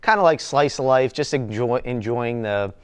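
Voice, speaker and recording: A young man with a Delaware County, Pennsylvania accent, a guest telling stories in a relaxed way with many fillers. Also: mid-range voice, moderate pace, smooth. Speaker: guest, content creator. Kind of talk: casual interview chat.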